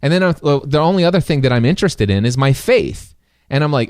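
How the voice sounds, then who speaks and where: A man hosting a podcast, telling a story in an animated, excitable way with many restarts. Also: on the high side, fast talker, smooth, dry recording, studio quality. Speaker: podcast host. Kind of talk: casual storytelling chat.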